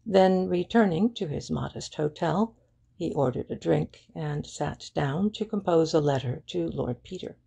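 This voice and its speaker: A woman reading a detective novel aloud as audiobook narrator, in a measured, even manner. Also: low voice, lo-fi sound. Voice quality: gravelly, husky. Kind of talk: scripted narration.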